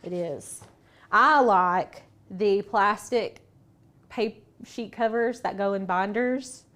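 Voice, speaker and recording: A woman's voice: mid-range voice, slow, fairly bright tone. A woman co-hosting a crafting livestream, chatting casually and laughing a lot while she works. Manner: giggly, chatty, lots of "like".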